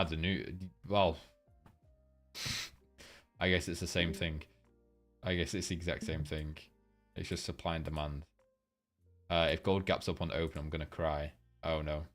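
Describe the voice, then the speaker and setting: A young man hosts a loose live breakdown of the markets, rambling, swearing freely and filling gaps with "um" while reading the chat. His voice is low-pitched and a bit bright.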